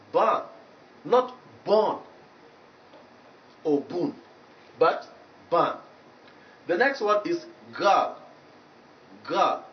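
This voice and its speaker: A man with a Nigerian English accent teaching pronunciation on local TV, saying each word slowly and repeating it for drills. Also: sits high. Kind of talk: broadcast pronunciation lesson. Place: TV studio. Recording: roomy, distant, dull local TV broadcast audio with faint noise.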